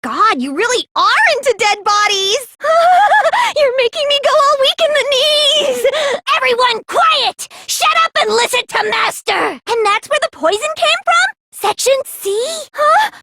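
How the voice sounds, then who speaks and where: Cackling killer Genocider Syo. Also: female voice, extremely high pitch, big pitch swings, measured pace, very noisy, full character voice. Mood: manic glee. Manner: cackling, gleeful, shrieking outbursts. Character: manic cackling young female serial killer. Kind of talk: video game voice acting.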